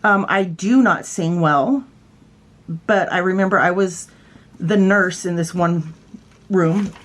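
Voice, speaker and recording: A woman's voice: fairly low pitch, takes it slowly, a little hiss or hum. A woman from California casually telling funny stories about her old work, chatty and self-mocking. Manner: chatty, playful, self-mocking, fond of doing voices. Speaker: vlogger, former nurse. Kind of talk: casual storytelling.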